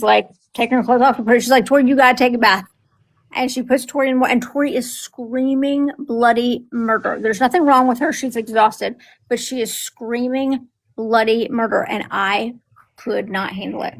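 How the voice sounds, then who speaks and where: A middle-aged woman in casual conversation, her voice sitting a little on the high side. She tells family stories with lively, animated delivery, slipping into the voices of relatives as she goes. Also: moderate pace, rough recording. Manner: animated storytelling, acting out quoted family members. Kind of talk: casual chat.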